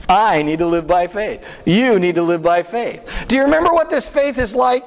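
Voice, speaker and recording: A man preaching a sermon as pastor, animated and full of rhetorical questions and asides to the congregation. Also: sits high, fairly quick, hardly any pauses. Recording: long hall reverb.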